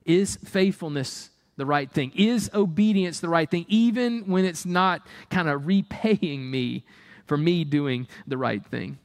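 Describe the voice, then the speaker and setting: A man's voice: fairly high pitch, unhurried. A man preaching a sermon, firing rhetorical questions and acting out the people he quotes. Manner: animated, rhetorical questions, acts out quoted voices. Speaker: pastor.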